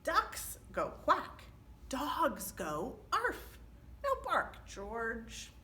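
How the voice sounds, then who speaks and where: A woman voicing a fussy, insistent dog mother in a read-aloud storybook, high and slow. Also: wildly swooping pitch, bright, forceful tone, slight background noise, full character voice. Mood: coaxing.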